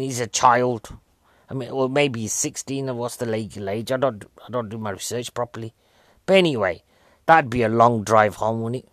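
A man in his forties chats casually about a film, rambling from joke to joke and poking fun at himself. His voice sits at a middling pitch and sounds dry and close, with no room sound. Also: no echo. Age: 40s. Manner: rambling, jokey, self-mocking. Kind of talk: casual film review chat.

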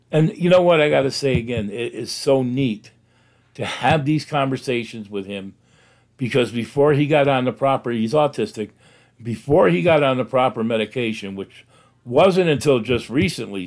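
A man's voice: mid-range voice, darkish tone. Older male host, casual faith talk, folksy and rambling, chuckles a lot.

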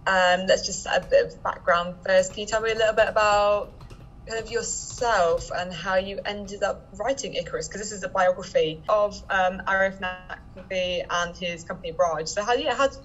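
A woman's voice: medium pitch, steady tone, normal speed, a bit bright. A woman hosts a podcast interview over a video call. She is casual and chatty, with plenty of uhs and kind-ofs. Her audio sounds dull and lo-fi, with a faint noise bed behind it. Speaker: podcast host.

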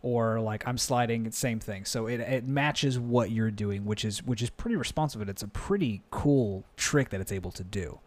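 A man's voice: fairly low pitch, expressive, normal speed, few pauses. A man co-hosts a gaming podcast in a chatty, upbeat way. He laughs easily while he talks through console news and game tips. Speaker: podcast co-host. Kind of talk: casual gaming podcast chat.

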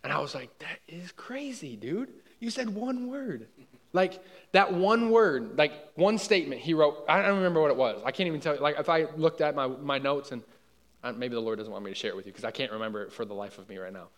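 A man's voice: medium pitch, fast. A young man preaching a conversational sermon in a church hall, casual and often checking in with his listeners. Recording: long hall reverb.

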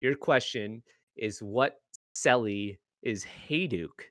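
A man's voice: medium pitch, takes it slowly, fairly bright tone, dry recording. A man hosting a podcast, chatting casually with guests on a call, swearing now and then and laughing easily. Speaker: podcast host.

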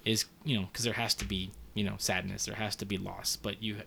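A man's voice: on the low side, level tone, a little fast, vocal fry, bright, forceful tone, a little hiss or hum. Earnest rambling man in his thirties. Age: 30s. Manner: rambling, heartfelt, frequent fillers and swearing. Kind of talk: casual conversation.

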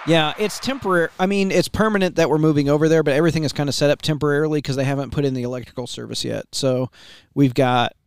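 A man hosting a casual shop podcast in an easygoing, drawn-out way. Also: a little high, clean tone, no room sound, clean studio sound. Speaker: shop owner and podcast host.

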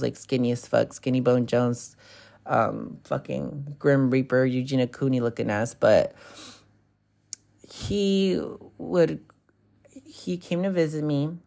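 A man's voice: mid-range voice, vocal fry, darkish tone. A man in his twenties from California, hosting a podcast and telling a personal story in a frank, profane, rambling way full of fillers. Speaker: podcast host. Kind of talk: casual confessional storytelling.

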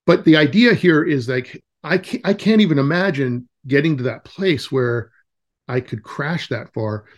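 A forty-something nature camp director, guesting in a casual interview, tells unhurried, rambling stories riddled with fillers and restarts. His fairly high voice is expressive.

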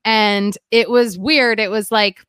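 A woman's voice: mid-range voice, fairly even intonation, slow, fairly bright tone, clear, resonant tone, dry recording. A young woman candidly telling a painful personal story as a guest, rambling with lots of "like" and shifting emotion. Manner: rambling, heavy use of "like", emotional.

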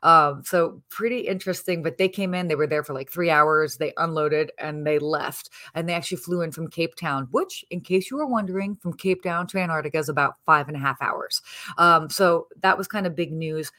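A woman with a slightly low voice keeps things hushed, since she is talking from a hotel early in the morning. She runs through a hospitality news segment in an upbeat, chatty way, with plenty of fillers along the way. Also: a little fast. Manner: hushed, softly spoken. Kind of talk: casual news segment, then chat.

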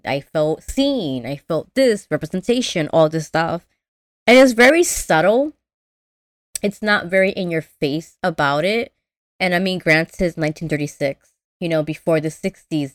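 A woman co-hosting a podcast in casual chat, animated and acting out movie lines in voices. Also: sits low, dry recording, clean studio sound. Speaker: podcast co-host.

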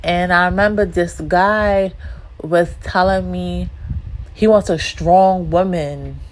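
A woman's voice: fairly low pitch, fairly even intonation, takes it slowly, a little hiss or hum. A woman hosting a solo podcast, talking bluntly and emphatically with plenty of swearing and repeated lines. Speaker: podcast host.

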